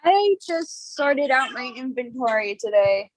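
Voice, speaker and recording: A woman's voice: high-pitched, lively intonation, unhurried, no room sound, poor audio. A woman on a team call, sounding unsure and laughing nervously as she talks about her stock. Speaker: team member. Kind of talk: casual chat.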